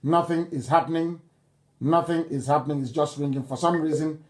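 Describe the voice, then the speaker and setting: A man's voice: on the high side, fairly even intonation, brisk. A Nigerian man hosting a live broadcast, speaking emphatically and repeating his points insistently. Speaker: broadcast host. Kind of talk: live radio broadcast address.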